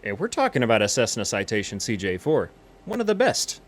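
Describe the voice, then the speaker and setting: A man's voice: on the low side, wildly swooping pitch, a little fast. A man rambling through a cocky, boastful comedy monologue as a pilot character in a flight game.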